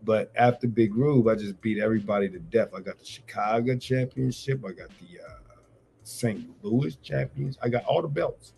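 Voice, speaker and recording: His voice is lowish, gravelly and warm, and he talks at a normal speed. As a guest on a radio show, he rambles boastfully about fighting and gambling, full of slang and cursing, with soft music playing underneath.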